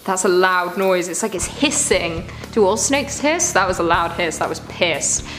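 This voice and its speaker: A woman's voice: lowish voice, lively intonation, normal speed, a bit bright, soft background music. A woman hosting a reaction video, chatting casually and groaning in disgust as she rambles. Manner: squeamish, exclaiming, rambling.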